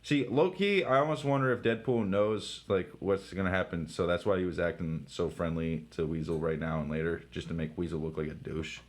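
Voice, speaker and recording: Low-voiced excitable young man rambling. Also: fairly quick, hardly any pauses. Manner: excitable, profane, rambling with sound effects. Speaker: comic book reviewer. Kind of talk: casual comic page-through commentary.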